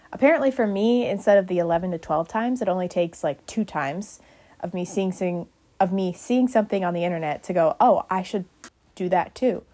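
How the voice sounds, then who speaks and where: A woman's voice: fairly low pitch, warm tone. A young woman vlogger narrating casually, chatty and rambling with a self-deprecating streak.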